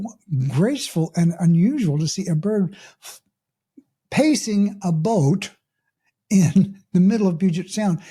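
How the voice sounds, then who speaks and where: Man, middle-aged, mindfulness coach, mellow tone, calm and unhurried, reflective podcast talk. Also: high voice. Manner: calm, unhurried, gently clears throat often. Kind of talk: reflective podcast monologue with a story.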